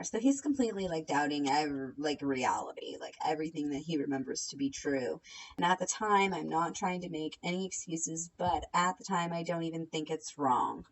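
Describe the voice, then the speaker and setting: At home at night, a young commentary vlogger with a low-pitched voice sarcastically and bluntly recaps online drama, reacting casually and cursing freely. She speaks at a moderate pace on a rough recording.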